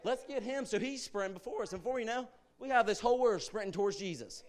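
A man's voice: high voice, lively intonation, fast. A young man giving an informal, earnest church sermon as a guest speaker, urging his listeners on with conversational asides.

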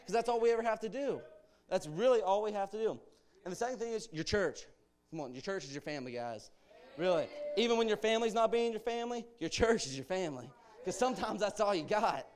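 A man's voice: sits high, expressive, quick pace. A young man giving an informal, earnest church sermon as a guest speaker, urging his listeners on with conversational asides.

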